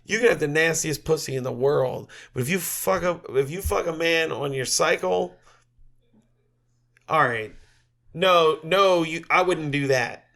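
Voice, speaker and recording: Brash witch woman, put on by a man who lectures bluntly; a touch higher than his own voice. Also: unhurried, creaky, fairly bright tone. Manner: loose, exasperated paraphrase of her. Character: brash, blunt woman witch hosting live video streams.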